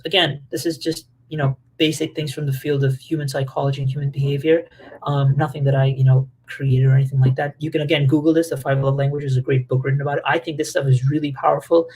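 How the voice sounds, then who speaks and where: A man with a fairly high, gravelly voice gives a relaxed talk to a group about relationships. He speaks casually and animatedly, full of fillers and quick acted-out quotes.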